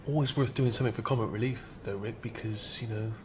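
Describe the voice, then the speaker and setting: A man in a comedy sketch, talking in a polite, persuasive, gently wheedling manner. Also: fairly low pitch, quick pace, noisy background.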